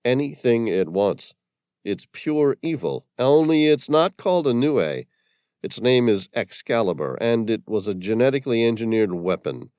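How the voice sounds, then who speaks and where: A man's voice: medium pitch, darkish tone, no echo, studio quality, pitched above the performer's own voice, close to an everyday voice. A man voicing a hunted former scientist who speaks grimly and emphatically about his fate. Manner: grim, intense, emphatic. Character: grim hunted male ex-scientist, fatalistic.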